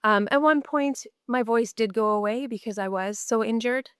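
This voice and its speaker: Middle-aged woman from canada telling her nursing story, frank, repeats herself for emphasis, crisp voice. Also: on the high side, moderate pace, dry recording, clean studio sound. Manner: earnest, candid, repeats words for emphasis. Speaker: guest, mental health nurse. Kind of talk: podcast interview storytelling.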